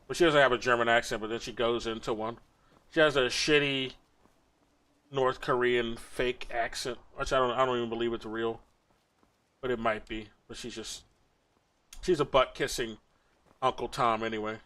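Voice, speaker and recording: A man's voice: mid-range voice, steady tone, normal speed, long pauses, sharp tone. A young man ranting with crude, mocking commentary while reacting to a video on a stream. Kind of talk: casual profane commentary.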